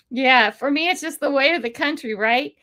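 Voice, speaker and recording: A woman's voice: high-pitched, fairly bright tone. An older woman hosting a casual livestream from home, chatting in a rambling way, laughing often and answering viewer comments. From United States. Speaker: livestream host. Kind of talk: casual live chat with viewers. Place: at home indoors.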